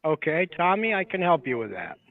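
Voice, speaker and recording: Brisk, polite sales rep heard through a thin phone line; slightly higher voice. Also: male voice, sing-song, gravelly.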